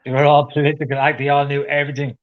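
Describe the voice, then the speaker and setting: A man's voice: a little high, level tone, rapid-fire, narrow, tinny audio. A man co-hosting a casual podcast, ranting opinionatedly and swearing. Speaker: podcast co-host. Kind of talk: casual chat.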